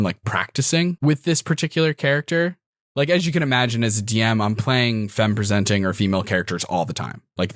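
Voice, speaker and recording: Low-voiced man chatting casually. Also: dry recording, clean studio sound. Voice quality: chatty, thinks aloud with many "like"s. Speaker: podcast guest and dungeon master. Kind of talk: casual chat.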